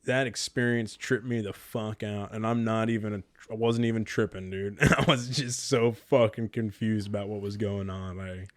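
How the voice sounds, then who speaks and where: A man's voice: lowish voice, moderate pace, few pauses, no echo. A young man chatting on a podcast, telling a story with lots of swearing and acting out what other people said. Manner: animated storyteller, swears freely, acts out quoted people. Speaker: podcast co-host. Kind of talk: casual chat.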